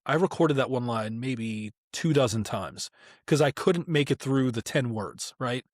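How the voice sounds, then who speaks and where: A man hosting a podcast, speaking reflectively in casual conversation with pauses. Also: mid-range voice, expressive, dry recording, studio quality. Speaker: podcast host.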